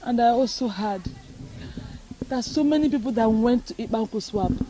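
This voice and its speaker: A woman's voice: a little high, normal speed, background noise, natural voice. Woman playing an anxious grateful village girl. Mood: fearful. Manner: emotional, pleading. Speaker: actress. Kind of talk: Nollywood film acting. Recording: film audio with music.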